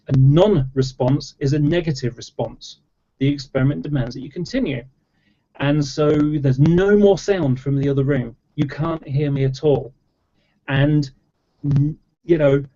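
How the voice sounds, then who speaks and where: A man's voice: fairly high pitch, warm tone. A man explaining at length in casual chat, rambling with lots of fillers and restarts. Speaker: debater in an online chat. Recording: dull lo-fi audio.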